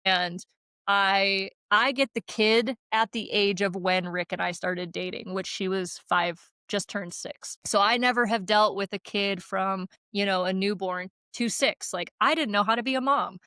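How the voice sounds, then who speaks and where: A woman's voice: mid-range voice, measured pace, bright, forceful tone, clean tone, no room sound. A woman co-hosting a casual podcast who talks bluntly and swears freely, spinning stories in emphatic run-on bursts. She laughs often, punctuating with "like" and "right?". Her voice sounds dry and close, with little room around it. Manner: blunt and profane, storytelling with frequent laughs. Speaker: podcast co-host.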